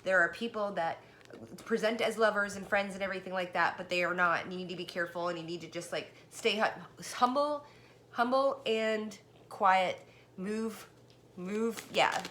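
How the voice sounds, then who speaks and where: A woman's voice: lowish voice, a little fast, slight background noise. Chatty woman reading tarot cards. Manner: chatty, excited, talks to the viewer. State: out of breath. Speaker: tarot card reader.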